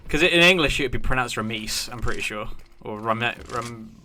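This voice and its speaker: A man's voice: medium pitch, expressive, fairly quick, background noise. A man in his thirties from the UK casting an esports match alone, chatty and talking to his stream chat between plays. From United Kingdom. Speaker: esports caster. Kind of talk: solo play-by-play game commentary.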